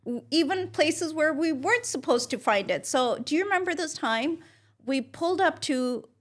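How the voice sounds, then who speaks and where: A woman from Punjab, India, excitedly telling a family story in casual chat and often laughing. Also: high-pitched, normal speed. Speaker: podcast co-host.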